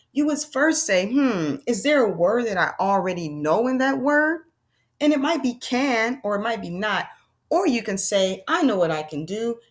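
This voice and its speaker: A woman's voice: fairly high pitch, big pitch swings. Woman teacher doing a phonics lesson for little kids, voice goes up and down a lot, sounds out each letter. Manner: slow, encouraging, sounds out letters and claps syllables. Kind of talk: phonics lesson for young children.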